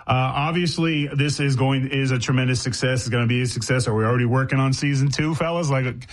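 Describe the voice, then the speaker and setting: A man's voice: mid-range voice, fast talker. A man hosting a casual interview, asking questions with playful, joking banter. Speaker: host.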